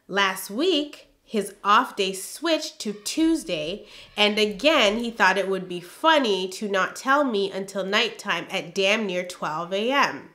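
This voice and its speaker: A woman's voice: mid-range voice, lively intonation, takes it slowly, sharp tone. A woman telling a storytime vlog, reading her old journal aloud and breaking in with emphatic, exasperated asides. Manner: emphatic, exasperated asides between read-out passages.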